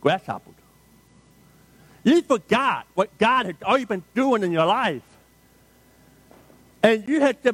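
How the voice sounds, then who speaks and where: Male pastor, sermon delivery, emphatic refrains, high pitch, dry sound. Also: lively intonation, moderate pace, pauses often, fairly bright tone, breathy edge, no echo. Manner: emphatic, dramatic storytelling with repeated refrains.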